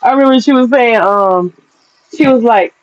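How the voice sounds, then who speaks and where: A woman's voice: on the high side, moderate pace, highs cut off. A woman talking frankly and casually to camera, swearing freely and laughing often. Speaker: vlogger. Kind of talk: casual opinion monologue.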